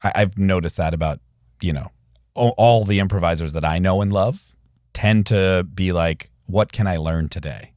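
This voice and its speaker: A man's voice: low-pitched, moderate pace, a little mellow, no room sound, clean studio sound. A man from Philadelphia, a guest improviser, chatting on a podcast in a reflective, rambling way. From Philadelphia, USA. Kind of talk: casual podcast chat.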